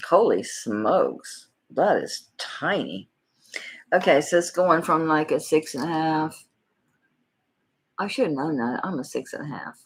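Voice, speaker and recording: A woman's voice: deep voice, animated, a little slow, slight background noise. A middle-aged woman with a Southern accent, chatting folksily with viewers by name while selling jewelry on a live stream. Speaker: jewelry auction seller. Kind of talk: live-stream sales chat.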